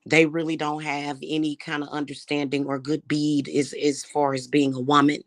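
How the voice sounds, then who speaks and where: A woman's voice: low-pitched, level tone, moderate pace, no echo, studio quality. A woman delivering a heated, profane vlog rant, repeating her points. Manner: heated, profane, repetitive ranting. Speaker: spiritual reader and vlogger. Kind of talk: angry monologue vlog.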